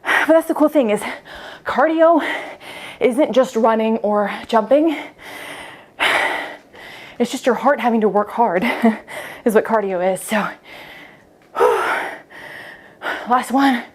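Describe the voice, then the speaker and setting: Breathless young female fitness coach, slightly high voice, chatty, counts reps aloud mid-exercise. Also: takes it slowly, pauses often. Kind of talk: talking while leading a home workout.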